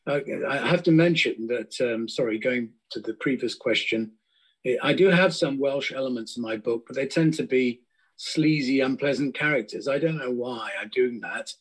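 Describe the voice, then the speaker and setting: A man's voice: mid-range voice, rough recording. Hesitant man with many restarts. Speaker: crime novelist on a festival panel. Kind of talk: casual panel discussion.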